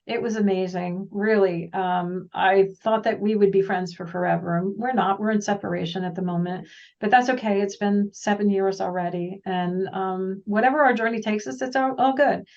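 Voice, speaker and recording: Distant, animated woman telling her story. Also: mid-range voice, moderate pace, vocal fry. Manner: animated, rambling, often acts out quoted dialogue. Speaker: guest, intuitive practitioner. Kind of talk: casual personal storytelling. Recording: distant, dull lo-fi sound.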